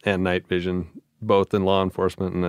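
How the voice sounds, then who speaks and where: A man with a low, smooth, resonant voice answering calmly in podcast conversation. He speaks in a measured, agreeable manner. The sound is dry and close. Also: no room sound. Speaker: podcast guest, former law enforcement. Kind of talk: casual chat.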